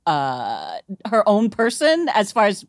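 A woman's voice: mid-range voice, huge pitch swings, takes it slowly, no echo, studio quality. A woman co-hosting a casual entertainment chat, talking things through in a chatty, hedging way. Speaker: podcast co-host.

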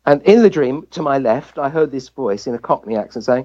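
An English man recounts a personal story as an interview guest. His pitch swings widely as he acts out the voices of people he quotes. The recording is dull and lo-fi. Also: a little fast. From England. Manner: lively anecdote-telling, acting out quoted voices. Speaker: guest, family physician.

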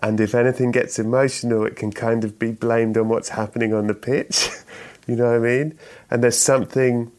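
Brisk and flat in delivery, this middle-aged man speaks at medium pitch with a darkish tone. He's a guest actor and writer in a relaxed interview, meandering as he goes, backing up to fix his words and chuckling often.

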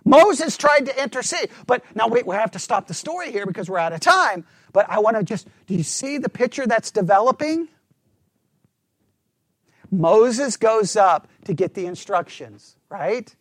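A man preaching a sermon, asking the congregation questions and swinging between fervent emphasis and hushed asides. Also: sits high, normal speed, dry recording, studio quality. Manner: animated preaching, rhetorical questions, drops to a hush for asides. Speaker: pastor.

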